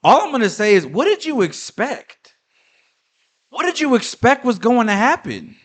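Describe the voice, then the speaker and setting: A man's voice: extremely high pitch, big pitch swings, normal speed. A man co-hosting a casual wrestling chat, ranting brashly and swearing a lot. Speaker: podcast co-host.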